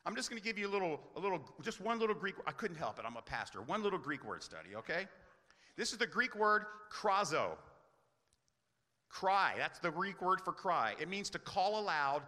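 A man's voice: high-pitched, sing-song, moderate pace, bright, forceful tone, long reverb tail. A man preaching a sermon as pastor, earnest, often asking rhetorical questions.

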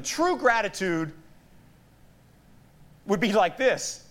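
A middle-aged man pastor preaching a sermon, telling stories with animated asides and laughs. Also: high voice, takes it slowly, pauses often.

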